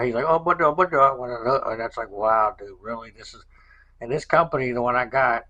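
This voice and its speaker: Husky aggrieved man telling a story. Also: fairly low pitch, sharp tone, highs cut off. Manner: rambling, aggrieved, repeats himself. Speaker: podcast host. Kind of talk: casual storytelling monologue.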